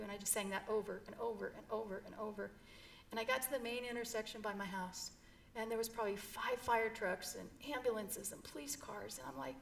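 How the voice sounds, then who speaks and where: A woman's voice: mid-range voice, fairly even intonation, fast talker, creaky, hardly any pauses, fairly bright tone, a little hiss or hum. A middle-aged woman telling an emotional personal story in an interview, earnest and heartfelt. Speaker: guest.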